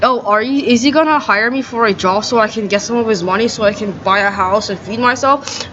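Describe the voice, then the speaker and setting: A woman's voice: a little high, fairly quick, hardly any pauses, fairly bright tone, slight background noise. A young woman vlogging outdoors on the grass, ranting in an exasperated, profane, rambling way. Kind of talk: ranting casual monologue. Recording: slightly dull sound, faint outdoor ambience.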